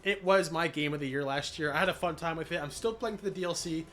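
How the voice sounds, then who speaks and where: Guy on a live stream, bright punchy voice, hyped and rambly, voice cracking a bit, faint music behind. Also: fairly high pitch, quick pace. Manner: energetic, hype, lots of fillers and shout-outs. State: recovering from illness, voice cracking. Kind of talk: casual live-stream recap.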